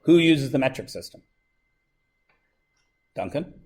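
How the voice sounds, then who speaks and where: A male teacher from Canada speaks in an ordinary, mid-pitched voice. He keeps a high school class engaged with quick questions and light teasing. He is recorded in a classroom. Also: lively intonation, a little mellow. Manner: chatty and joking with the students, asks lots of questions. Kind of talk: classroom lesson.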